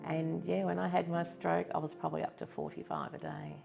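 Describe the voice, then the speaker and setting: A low-voiced Australian woman in her fifties speaks with a gravelly edge. She tells her own story in a candid, reflective testimonial, with soft music faintly underneath. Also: little pitch movement, a little fast. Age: 50s. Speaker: stroke survivor giving testimony. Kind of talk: personal testimonial interview.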